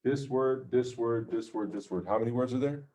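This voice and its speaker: A man's voice: medium pitch, moderate pace, warm tone. A man teaching an informal religious class, talking conversationally and checking in with his listeners with "okay?" and "right?". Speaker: Islamic teacher.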